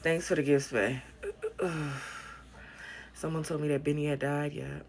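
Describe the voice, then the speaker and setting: A woman's voice: low-pitched, level tone, a little slow. A woman hosting a casual livestream from her bedroom on her phone, blunt and profane, chatting loosely and thanking viewers for gifts. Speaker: livestream host.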